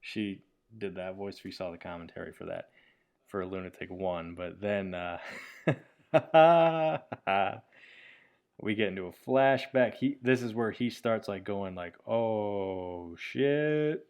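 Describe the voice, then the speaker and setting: A man giving casual, rambling commentary on his own short film, enthusiastic and quick to laugh. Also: low-pitched, fairly even intonation.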